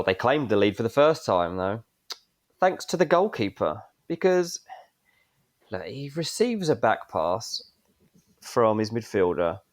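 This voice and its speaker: A man co-hosting a sports podcast, excitably walking through a blunder, his voice jumping up as he describes it. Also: mid-range voice. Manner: excitable, voice jumps up while describing. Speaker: podcast co-host. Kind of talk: animated clip breakdown.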